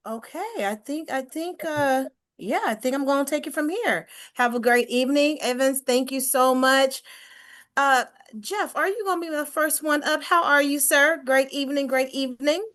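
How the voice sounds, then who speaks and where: A woman hosting over a video call, lively and playful, laughing easily. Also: high voice, moderate pace. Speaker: next segment host. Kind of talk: casual hosting chat.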